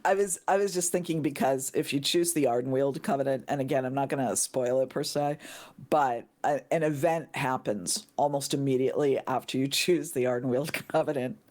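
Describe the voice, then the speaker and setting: A woman in casual podcast chat, excitable and gushing, now and then shrieking with delight. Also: extremely low pitch, brisk. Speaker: podcast guest.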